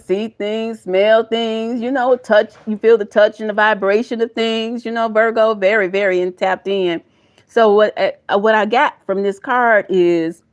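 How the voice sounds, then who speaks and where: A woman with a Southern US accent doing a live tarot reading. She talks to her viewers in a folksy, emotional way and calls them y'all and baby. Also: mid-range voice. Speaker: tarot reader.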